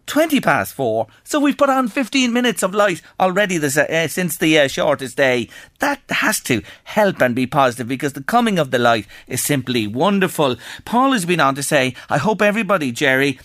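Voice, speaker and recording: Lively Irish radio host, close and dry. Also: male voice, a little high, moderate pace, no echo. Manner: chatty, reads out listener messages. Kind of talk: local radio chat.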